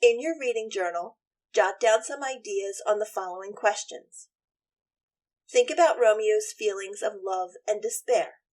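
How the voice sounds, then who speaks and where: A woman's voice: medium pitch, measured pace, darkish tone. A woman teacher and podcast host retelling a play in a chatty, opinionated way and voicing all the characters herself. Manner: chatty, opinionated, plays every part. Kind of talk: casual literature lesson retelling.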